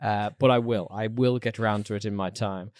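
A man's voice: fairly low pitch, fairly even intonation, a little fast, a little mellow, clear, resonant tone, no room sound. A man co-hosting a podcast in casual chat, chatty and playful, laughing easily. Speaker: podcast co-host.

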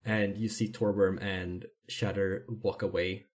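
Woman, game master, very low pitch, slow relaxed narration.

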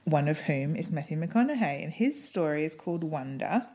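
A woman co-hosting a podcast in casual chat, giggly and quick to correct herself. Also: sits low, lively intonation, warm tone. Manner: chatty, giggly, self-correcting. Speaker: podcast co-host.

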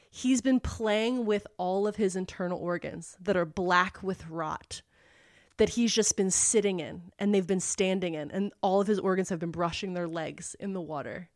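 A woman co-hosting a podcast, retelling a book plot in an animated, profane way. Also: medium pitch, dry recording, clean studio sound. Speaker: podcast co-host.

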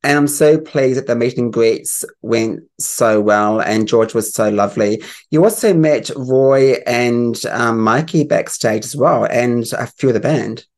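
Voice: mid-range voice, a little slow, few pauses, darkish tone. A podcast host with a mid-range voice, talking casually. They sum up the news and then ask the guest questions. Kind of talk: casual chat.

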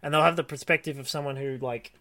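A man's voice: mid-range voice, fairly even intonation, fast, dry recording. A man co-hosting a casual podcast chat, rambling and restarting his sentences as he tells stories. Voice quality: bright, rambling with many restarts. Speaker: podcast co-host.

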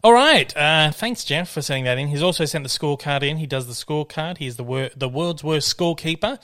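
A man with an Australian accent hosting a casual podcast from his dining room, chatty and quick to laugh. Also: on the high side, lively intonation, a bit bright. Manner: chatty, laughs easily, reads listener emails aloud. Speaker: podcast host.

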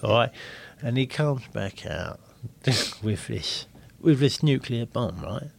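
A man's voice: mid-range voice, lively intonation, takes it slowly, vocal fry, breathy edge. A man co-hosting a comedy podcast, rambling through a silly story and tagging lines with "right?". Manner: rambling, keeps adding "right?". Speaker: podcast co-host. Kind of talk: comic storytelling chat.

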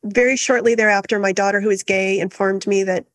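A middle-aged woman, a guest in an interview, telling her story in an earnest, steady and reflective way. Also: medium pitch, fairly quick, no echo. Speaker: guest, activist founder.

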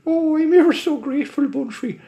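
A man voicing a crude, excitable little male leprechaun in a put-on stage Irish accent, loud and frantic. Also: extremely high pitch, a little fast, creaky, voice pushed up. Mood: pleading.

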